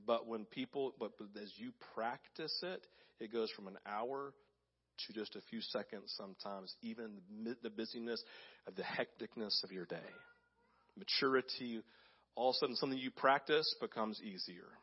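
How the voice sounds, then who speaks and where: A man preaching a sermon as pastor, animated, acting out voices, sometimes dropping to a hushed tone. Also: lowish voice, moderate pace, breathy edge, dull audio. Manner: animated, acts out voices in quotes; drops to soft, hushed tones for emphasis.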